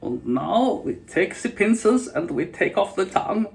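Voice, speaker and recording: An Australian man putting on a cold, deliberate German anatomist man with a German accent, speaking slowly and menacingly. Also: high-pitched, very animated, gravelly, pitched above the performer's own voice, exaggerated voice.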